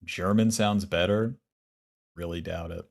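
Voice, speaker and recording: Male streamer, lower register, swears freely, wry and grumbly, casual chat while playing. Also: fairly even intonation, a little slow, vocal fry.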